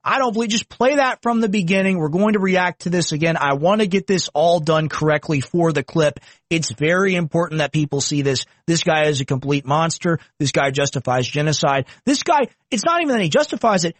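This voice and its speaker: A male commentator reacting to clips with heated scorn. His voice sits high and jumps in pitch. The sound is dry and close, with no room echo. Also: lively intonation, brisk. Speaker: political commentator. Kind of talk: reaction commentary on a video clip.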